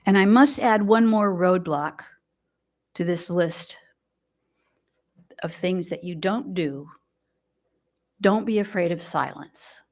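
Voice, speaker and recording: Older woman, lay speaker giving a sermon; gentle, reflective, unhurried phrasing with pauses. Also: on the low side. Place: fellowship hall, indoors.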